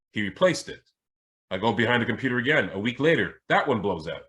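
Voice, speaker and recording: Jamaican-born guy on a podcast spinning a story, husky but punchy voice, keeps restarting his sentences. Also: medium pitch, fast talker. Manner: animated anecdote telling with frequent restarts. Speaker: spiritual teacher and podcast host. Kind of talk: casual storytelling chat.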